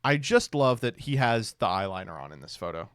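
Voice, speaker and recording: A man streaming casual commentary, reacting to clips with sarcastic, deadpan mock praise. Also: on the low side, brisk, no echo.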